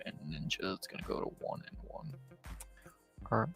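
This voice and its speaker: Gravelly monotone man, casual stream. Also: normal speed, faint music behind. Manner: low monotone, profane, laid-back. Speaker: stream host. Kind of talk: casual fantasy football recap. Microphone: streaming setup, close mic.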